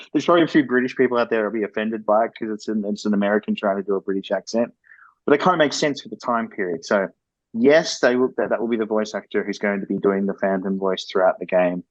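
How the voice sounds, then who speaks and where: A man's voice: fairly low pitch, quick pace, dry recording, highs cut off. A man who develops video games, speaking as a guest in a podcast interview and explaining things candidly and at length.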